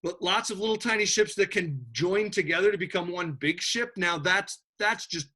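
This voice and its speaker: An animated male teacher lectures on history in a casual classroom style, joking and restarting his sentences often. His voice is high for a man and bright. He keeps the class engaged with quick asides.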